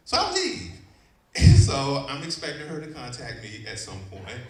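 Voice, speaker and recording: Animated man telling a story on stage. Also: medium pitch, normal speed. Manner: animated, often laughing while telling. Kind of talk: live personal storytelling. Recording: echoey venue, distant mic, audience. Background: audience.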